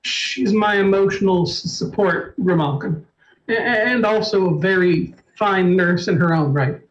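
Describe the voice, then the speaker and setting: A man's voice: high-pitched, a little slow. A man voicing a nervous male doctor who stammers and repeats his words, on a dull lo-fi stream recording. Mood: nervous stammering. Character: nervous stuttering male doctor, jumpy and anxious.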